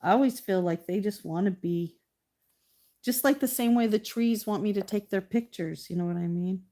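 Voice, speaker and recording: A woman's voice: medium pitch, moderate pace, mellow. A middle-aged woman chatting casually while she paints live, talking to her painting and thanking viewers. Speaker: artist livestreaming.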